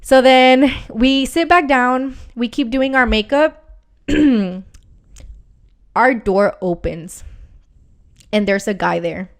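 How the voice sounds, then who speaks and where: Woman, casual storytelling, smooth clear voice, animated, lots of swearing. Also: a little high, slow pace, pauses often. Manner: animated, swearing, heavy use of "like". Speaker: podcast co-host.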